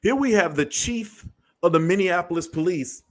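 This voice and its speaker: A man's voice: high voice, animated, moderate pace. A man hosting a show, delivering a blunt, profane commentary monologue. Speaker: show host.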